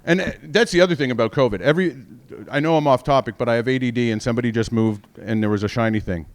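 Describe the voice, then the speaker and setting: Smooth-voiced rambling comic man. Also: medium pitch, fast. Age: 40s. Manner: rambling, profane, self-mocking. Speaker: stand-up comedian. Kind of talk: stand-up comedy set.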